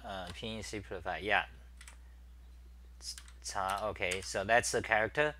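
A man's voice: fairly low pitch, brisk, pushed and bright, slight background noise. A middle-aged man hosting a casual live-stream chat, rambling and thinking aloud with many fillers while he types at his desk. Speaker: talk show host.

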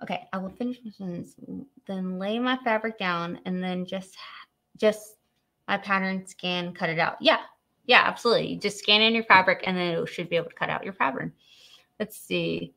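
A chatty young woman hosts a live stream and reads out viewers' questions. Her voice is bright and sharp, and her delivery is quick and friendly, with frequent laughs. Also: medium pitch, creaky. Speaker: host of a live product demo.

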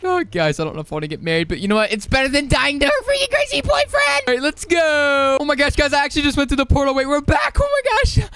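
A young man giving excitable, frantic gameplay commentary, often yelping and repeating himself. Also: very high-pitched, very fast, hardly any pauses. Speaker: gaming youtuber.

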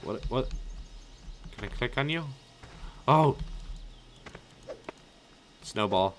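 A man giving excitable, jokey, profane commentary while playing a game. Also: low-pitched, unhurried, pauses often, a little hiss or hum. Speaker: let's play host. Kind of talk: gameplay commentary.

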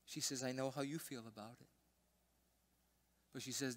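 An older man preaching a sermon as pastor, telling a personal story and swinging between loud emphasis and hushed, almost whispered lines. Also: mid-range voice, moderate pace, pauses often. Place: church sanctuary.

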